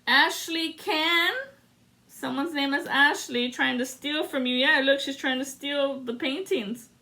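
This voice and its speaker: A woman's voice: high voice, fairly even intonation, a little slow, sharp tone. A woman giving a solo spiritual card reading to camera, dramatic and sassy, with salty asides. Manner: dramatic and sassy, swearing and breaking into sung lines. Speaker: tarot reader.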